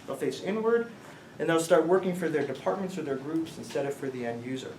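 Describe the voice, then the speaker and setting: A middle-aged company founder, speaking as a guest, gives students an informal lecture full of rambling stories and questions aimed at the audience. His fairly high, darkish voice moves quickly with lively intonation, picked up by a distant mic in a roomy space with faint noise.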